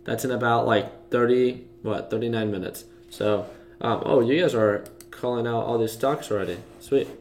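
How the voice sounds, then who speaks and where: A young stock trading livestreamer speaks at a moderate pace in a mid-range, darkish voice. He walks live viewers through charts with casual market commentary, talking loosely with lots of fillers and restarts.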